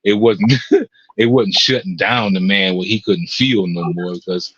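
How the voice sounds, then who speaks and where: Older man, emphatic, earnest, low pitch, muffled, dry. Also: fairly even intonation, a little slow, fairly bright tone, slightly rough, no room sound. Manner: earnest, emphatic, repeats himself. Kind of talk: casual chat.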